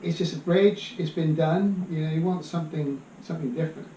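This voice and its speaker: A man, a guest answering questions in a hesitant, mild way that trails off softly. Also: a little high, brisk. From Bristol, England. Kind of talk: casual interview chat. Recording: echoey room, distant mic, faint hiss.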